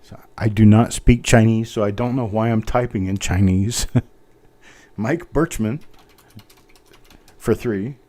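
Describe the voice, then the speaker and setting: Casting note: man, low mellow voice, easygoing live-stream auction host, keyboard clacking behind. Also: slow pace, long pauses. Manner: chatty, self-mocking, reads out bidders while typing.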